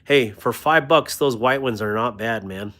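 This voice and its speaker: Unhurried and medium in pitch, a man hosts a casual stream devoted to knives. He reads comments from his viewers, makes fun of himself and keeps up friendly chatter, thanking everyone warmly.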